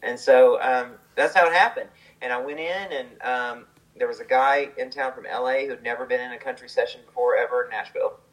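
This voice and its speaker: A man's voice: medium pitch, fairly quick, few pauses, poor audio. A man, a songwriter, telling a story in a casual, chatty way, with lots of fillers and the odd laugh.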